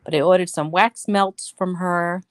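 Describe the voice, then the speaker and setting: Brief: woman streamer, blunt and profane, chatty storyteller, lowish voice. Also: steady tone, measured pace, dry recording. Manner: blunt, swears freely, venting; chatty storyteller, talks to viewers. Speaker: livestream host. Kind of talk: casual live-stream chat.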